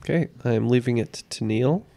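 A man competing on a podcast quiz, chatting playfully with quick quips. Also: medium pitch, creaky, warm tone. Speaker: quiz contestant. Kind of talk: casual podcast chat.

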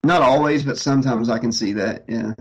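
A man's voice: medium pitch, fairly quick, breathy edge, poor audio. A man co-hosting a movie riff commentary, cracking jokes and laughing often.

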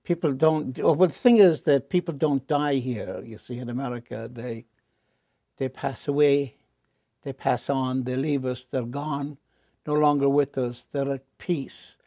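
An interview guest tells stories candidly, wry and animated, his pitch jumping up for punchlines and dropping low and quiet for serious confessions. He speaks a little slowly, recorded in clean studio sound without echo.

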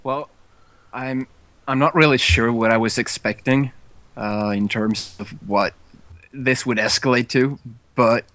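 A man's voice: mid-range voice, fairly even intonation, a little slow, pauses often, a bit bright, no room sound. A man co-hosting a podcast, laid-back and swearing casually in chat. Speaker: podcast co-host.

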